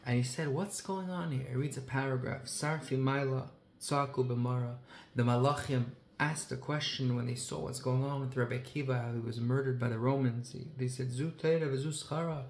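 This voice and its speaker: A man's voice: medium pitch, steady tone, normal speed. A man speaking as a rabbi, telling a story with emphasis and weaving in Hebrew and Yiddish phrases. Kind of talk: heartfelt storytelling talk. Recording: echoey room with faint ambient noise.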